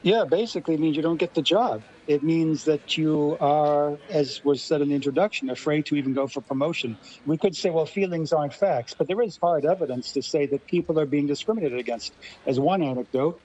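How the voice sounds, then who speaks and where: A man's voice: fairly high pitch, fairly quick, warm tone, muffled recording, slight background noise. A man from Los Angeles, a radio guest, arguing his points articulately. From Los Angeles, USA. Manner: articulate, argumentative. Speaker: guest commentator. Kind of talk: radio discussion.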